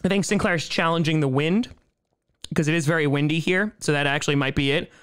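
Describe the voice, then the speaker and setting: A man in his thirties chats casually on a home live stream, reading viewer comments aloud and riffing on them with sarcastic jokes. His voice sits a little high for a man. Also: brisk, fairly bright tone, clear, resonant tone. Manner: jokey, sarcastic, reads chat aloud and riffs on it.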